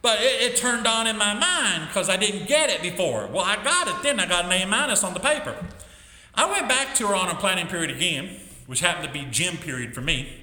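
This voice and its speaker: Middle-aged male teacher testifying, emphatic storyteller, bright slightly high voice, long hall reverb. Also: sing-song, brisk. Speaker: school teacher giving a testimony.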